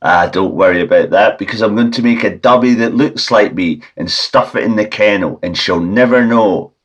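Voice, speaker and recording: Deadpan Scottish man, husky. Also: fairly low pitch, normal speed, highs cut off. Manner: deadpan absurd rambling. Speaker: podcast host. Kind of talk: absurdist comedy monologue.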